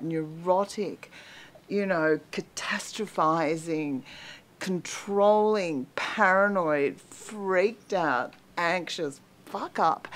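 A middle-aged woman talking like a comedian airing her worries, rambling and self-mocking. Her delivery is anxious but jokey, piling up fears one after another. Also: on the low side. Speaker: comedian and columnist. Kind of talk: confessional comic monologue.

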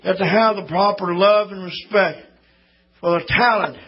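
A man preaching a sermon, folksy at first and building to impassioned shouting. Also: high-pitched, fairly even intonation, moderate pace, slightly rough, lo-fi sound.

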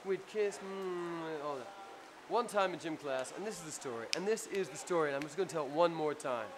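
A man with a New Jersey accent telling a rambling, profane story in a casual, animated way after a show. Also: a little high, a little fast. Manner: profane, rambling, animated anecdote with acted-out quotes. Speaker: punk band frontman telling a story. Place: crowded club after a show. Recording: noisy live club recording.

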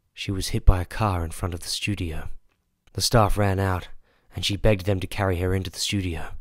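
A man doing a hushed jazz cafe owner. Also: sits low, no room sound, studio quality. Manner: hushed, conspiratorial storytelling. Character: older male jazz cafe owner, obsessive music buff.

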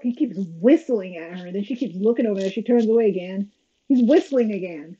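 Brisk and animated, this reaction video host has a fairly high yet mellow, husky voice. She keeps up sarcastic, exasperated running commentary through a casual watch-along, captured in slightly dull lo-fi audio with faint noise.

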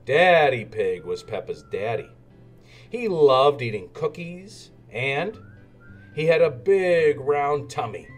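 A man reading a children's storybook aloud in an expressive, sing-song way. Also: on the high side, slow pace, faint music behind. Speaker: narrator.

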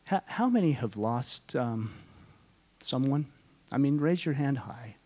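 Man telling an emotional story, slow and hushed. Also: mid-range voice, animated. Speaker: conference speaker. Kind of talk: personal testimony talk to an audience. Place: conference hall.

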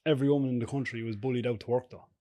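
Irish man, middle-aged, rambling storyteller, dry close sound, mid-pitched voice. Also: rapid-fire, no echo. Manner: lively, rambling anecdotes, chuckles often. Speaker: guest. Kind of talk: casual podcast chat.

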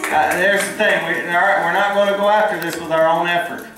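A man's voice: high voice, steady tone, brisk. A man preaching a sermon in a folksy, earnest way and drawing responses from the congregation. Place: church hall. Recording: echoey hall from far off.

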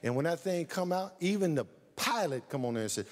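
A man preaching a sermon as pastor, telling a lively story, building up to shouts. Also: fairly high pitch, a little fast, few pauses, big-room sound, slight background noise.

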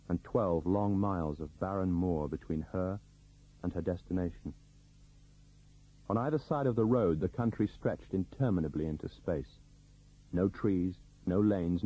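A man reading a novel aloud as an audiobook narrator, in scripted narration with a lively, varied delivery. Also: low-pitched, husky. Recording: dull lo-fi recording.

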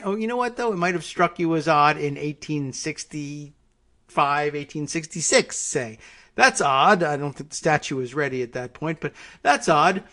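A man's voice: a little high, a bit bright. A man from the United States hosting a casual solo talk show, rambling and wry, full of asides and restarts. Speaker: political talk show host.

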